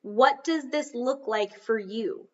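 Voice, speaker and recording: A woman hosts a solo podcast, chatty and self-deprecating as she coaches her listeners. Her voice sits at a middling pitch and seems a little off the mic. The recording sounds dull and muffled. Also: slow, a bit bright, recorded from a distance. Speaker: podcast host. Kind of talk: casual solo podcast talk.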